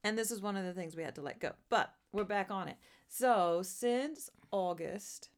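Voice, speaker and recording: A woman's voice: medium pitch, moderate pace. Teasing, playful woman co-hosting a podcast. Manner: teasing, joking, asks playful questions. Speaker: podcast co-host. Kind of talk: casual chat.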